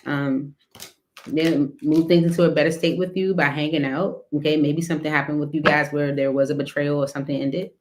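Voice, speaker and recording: A woman's voice: deep voice, fairly even intonation, fairly quick. A woman giving a casual tarot reading, talking loosely with lots of fillers and little laughs. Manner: rambling, filler-heavy, laughs between cards. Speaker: tarot reader.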